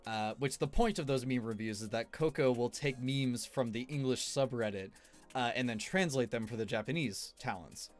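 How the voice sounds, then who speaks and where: A man's voice: medium pitch, normal speed, soft background music. A man streamer giving rambling, casual tier-list commentary, laughing often between fillers.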